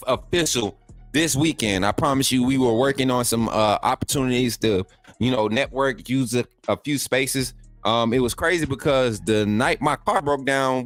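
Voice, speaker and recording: A man's voice: medium pitch, fairly bright tone, no room sound. A middle-aged man, hosting a live sports call-in stream in a loose, chatty way, repeating himself and hyping up his viewers. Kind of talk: casual live-stream chat.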